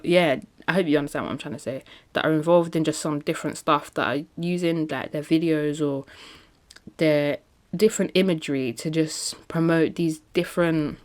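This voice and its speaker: A woman talking casually in a solo podcast, chatty and emphatic, often laughing between points. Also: low voice. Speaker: podcast host.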